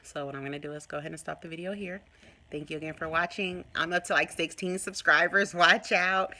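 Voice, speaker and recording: Woman, lowish bright voice, lively storytelling, casual vlog on a phone. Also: a little fast. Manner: animated storyteller who acts out what people said. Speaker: vlogger. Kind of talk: casual chat to camera.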